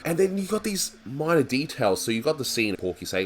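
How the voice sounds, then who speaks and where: A man's voice: medium pitch, big pitch swings, brisk, fairly bright tone. A man hosting a cartoon review, chatting casually and laughing often as he talks. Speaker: host of a cartoon review show.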